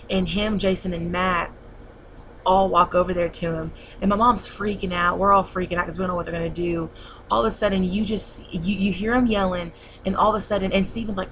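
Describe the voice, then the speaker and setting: A woman's voice: lowish voice, fairly bright tone, a little hiss or hum, rough recording. A young woman telling a long story in a casual vlog, rambling and repeating herself with many fillers. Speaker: vlogger.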